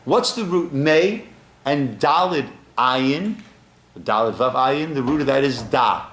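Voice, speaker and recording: A male rabbi takes his time at medium pitch, his voice sounding roomy within the synagogue. He gives an animated Torah class, quoting Hebrew and questioning listeners, often rhetorically.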